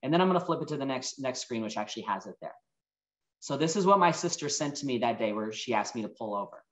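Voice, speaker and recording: Guy in his 40s giving a heartfelt talk, mid pitch, kinda echoey room. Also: expressive, a bit bright. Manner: earnest and emotional, storytelling with reflective pauses. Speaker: motivational speaker. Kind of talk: personal keynote talk.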